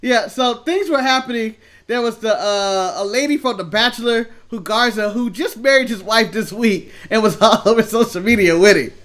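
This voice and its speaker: High-voiced, opinionated man co-host. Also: moderate pace, few pauses, fairly bright tone. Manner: opinionated, laid-back rambling. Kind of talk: casual chat.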